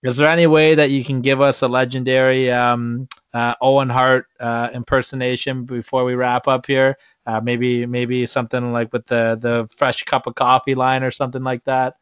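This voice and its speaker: A man's voice: medium pitch, flat delivery, moderate pace, hardly any pauses, a bit bright, clear, resonant tone, no room sound. A man hosting a casual show, asking his guest questions eagerly. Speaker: host. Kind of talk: casual chat. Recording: dull lo-fi sound.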